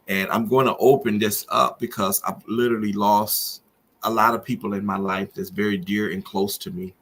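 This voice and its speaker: On his podcast, a middle-aged man with a lowish, fairly bright voice opens up about grief and faith. It's an emotional, personal monologue, earnest and preacherly in manner, growing louder with feeling.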